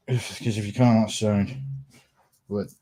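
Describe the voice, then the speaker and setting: A man's voice: fairly low pitch, dark tone, slightly rough. A man with a Scottish accent doing a sweary, scornful casual rant on a live stream, laughing often. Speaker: livestream commentator.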